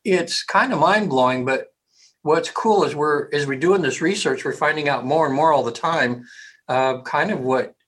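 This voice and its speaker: Rambling man who keeps clearing his throat. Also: fairly high pitch, moderate pace, fairly bright tone, rough recording. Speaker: hypnotherapist. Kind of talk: casual interview talk.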